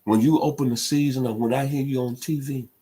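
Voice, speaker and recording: A man's voice: mid-range voice, steady tone, a little fast, slightly rough. A middle-aged man from Memphis, hosting a sports talk radio show in an impassioned, emphatic monologue. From Memphis, Tennessee. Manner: impassioned, emphatic, builds to loud peaks.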